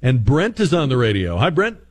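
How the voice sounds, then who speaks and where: Swinging widely in pitch from a mid-range base, a male call-in radio host talks fairly quickly and loosely, rambling with lots of ums and false starts. A little hiss or hum sits under the recording.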